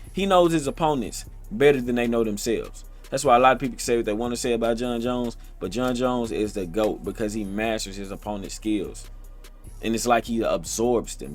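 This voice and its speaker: A man's voice: medium pitch, fairly bright tone. A man vlogging straight to his viewers in an emphatic, repetitive, streetwise way, with a streaming setup on his computer. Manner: colloquial, streetwise phrasing. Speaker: motivational vlogger. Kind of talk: casual direct-to-camera talk. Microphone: streaming setup, computer recording.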